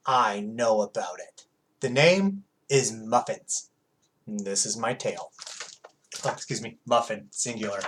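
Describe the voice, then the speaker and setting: A man voicing a streetwise cat detective who narrates a night-time mystery in a slow, dramatic storybook style. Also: lowish voice, fairly bright tone, heavily acted, poor audio.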